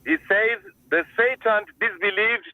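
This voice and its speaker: Sri man, caller, high-pitched voice, broken English, insistent, accusing, tinny phone-like line. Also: measured pace. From Sri Lanka.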